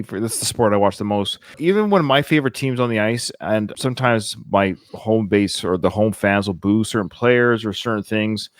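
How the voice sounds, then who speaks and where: A man's voice: medium pitch, no echo, studio quality. A man co-hosting a casual movie podcast, opinionated and chatty, often repeating himself. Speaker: podcast co-host. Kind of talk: casual movie-watch chat.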